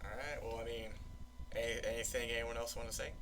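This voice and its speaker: A man's voice: medium pitch, level tone, quick pace, a bit bright. A man hosting a casual podcast, rambling along with lots of filler phrases. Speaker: podcast host.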